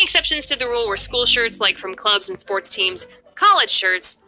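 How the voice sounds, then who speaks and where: A young woman telling a scripted storytime about her school days in a lively, sarcastic, jokey way. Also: a little high, normal speed, faint music behind. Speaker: animated storytime narrator.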